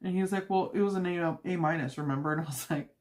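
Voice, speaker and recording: A woman hosts a casual livestream from home, chatting with viewers and laughing often while making treats in her kitchen. She talks fast in a lowish, darkish voice, giggly and chatty, full of fillers and quoted asides.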